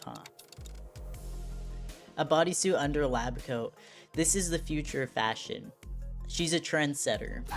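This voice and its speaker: A woman's voice: very deep voice, measured pace, long pauses, soft background music. A woman streamer giving casual, musing commentary while playing a game. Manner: musing, chatty, reads game text aloud.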